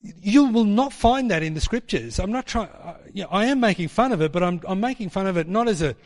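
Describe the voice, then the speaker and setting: A man preaching a sermon in a church hall, animated and mocking as he acts out quotes in put-on voices. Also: high voice, fairly quick. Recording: long hall reverb.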